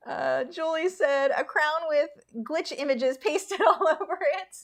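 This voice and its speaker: Chatty woman artist, slightly high voice. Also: slow pace, few pauses. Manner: chatty, opinionated, laughs often. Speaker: artist streamer. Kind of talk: casual livestream chat while painting.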